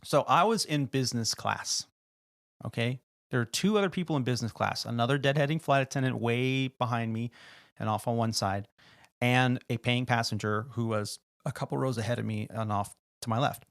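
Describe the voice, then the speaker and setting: A man, a podcast host, telling animated work stories in casual chat and acting out the people in them. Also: medium pitch, brisk, creaky, no room sound, clean studio sound. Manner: animated, acts out quoted people in his stories. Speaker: podcast host and flight attendant.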